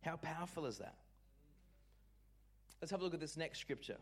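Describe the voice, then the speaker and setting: A man delivering a sermon from the pulpit with a fairly high speaking voice. He preaches expressively, rising and falling, and calls on the congregation to repeat phrases after him. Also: moderate pace, a little hiss or hum. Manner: expressive preaching, leads congregation responses, jokes with the room. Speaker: pastor.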